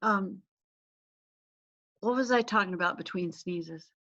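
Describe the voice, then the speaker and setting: A woman's voice: medium pitch, a little slow, bright, forceful tone. Chatty woman teaching an online class. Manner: chatty, laughs at herself, sneezes and coughs. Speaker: college teacher. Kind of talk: casual online class lecture. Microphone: video call. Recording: slightly dull video call audio.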